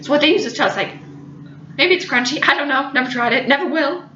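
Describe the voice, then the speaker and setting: A woman's voice: high voice, quick pace, slight background noise. A young woman telling a funny personal story, giggly and dramatic. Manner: giggly, animated, dramatic retelling. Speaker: vlogger. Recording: echoey room, slightly dull audio.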